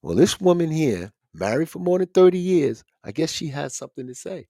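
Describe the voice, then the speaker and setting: Male podcast host, loose profane ranter, very lively delivery, dead-dry room. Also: fairly high pitch, brisk, creaky, no room sound. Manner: animated, swearing, ranting. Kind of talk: casual profane commentary.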